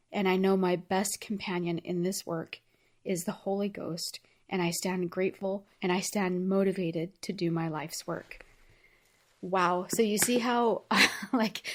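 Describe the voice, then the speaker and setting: A woman hosting her own show, talking through a personal story in an earnest, heartfelt way, chatty and full of casual fillers. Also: mid-range voice. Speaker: podcast host. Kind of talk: personal reflective monologue.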